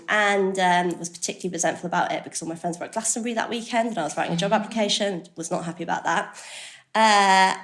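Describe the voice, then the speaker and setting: A woman giving a candid, self-deprecating personal testimony at a recovery workshop, talking casually and swearing now and then. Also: medium pitch. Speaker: recovery meeting speaker. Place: workshop room with listeners.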